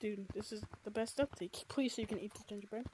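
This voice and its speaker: A woman giving excited gameplay commentary, gushing and squealing, with "oh my gosh" and "dude" constantly. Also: medium pitch, quick pace, a little hiss or hum. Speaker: gaming video creator.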